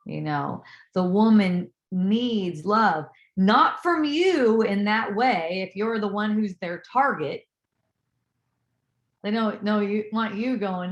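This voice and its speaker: A woman telling a personal story in a casual, animated way, acting out what others said and swearing now and then as she draws a life lesson from it. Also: medium pitch, measured pace, dull audio. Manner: animated, acts out quoted voices, swears casually. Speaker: spiritual teacher. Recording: echoey room.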